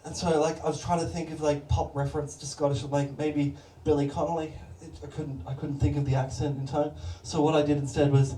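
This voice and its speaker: A man's voice: a little high, little pitch movement, fairly quick, hardly any pauses, warm tone. A man doing stand-up crowd work as MC in a comedy club, rambling and self-deprecating, laughing at his own jokes. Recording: echoey club from a distance, noisy.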